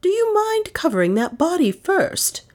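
A woman's voice: fairly high pitch, wildly swooping pitch, slow pace, a little mellow, voice pushed up, exaggerated voice. A woman voicing an older aunt who speaks firmly, icily and indignantly. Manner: icy, firm, indignant. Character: imperious older lady, icy and firm.

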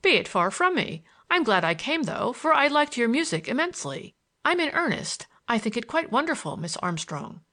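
A woman reading the lines of a smitten young gentleman in an audiobook, earnest and a little awkward. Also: on the high side, very animated, normal speed, few pauses, pitched above the performer's own voice, heavily acted. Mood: gallant. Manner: earnest, gallant, slightly awkward.

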